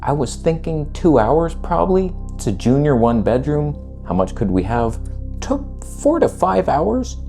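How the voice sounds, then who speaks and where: A man's voice: on the high side, a little slow, faint music behind. A man vlogging, casually retelling a story in laid-back slang with some swearing. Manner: animated retelling that acts out quoted voices.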